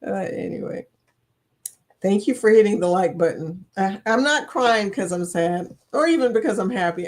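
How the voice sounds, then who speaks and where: A woman in her fifties hosting a casual live chat, reading viewer comments aloud, laughing often and playful. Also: medium pitch. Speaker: livestream host.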